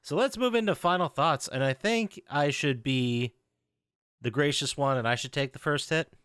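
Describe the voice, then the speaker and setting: A man's voice: fairly high pitch, moderate pace, fairly bright tone, smooth, dry recording, clean studio sound. A man co-hosting a podcast, talking in wry, sarcastic casual chat. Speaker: podcast co-host.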